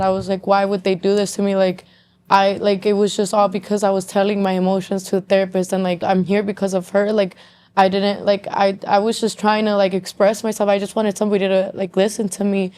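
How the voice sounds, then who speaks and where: A woman's voice: medium pitch, level tone, brisk, darkish tone, clear, resonant tone. A young woman speaking as a podcast guest, telling her own story openly. Her talk is loose and casual, full of swearing and constant "like.". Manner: candid, swears often, says "like" constantly.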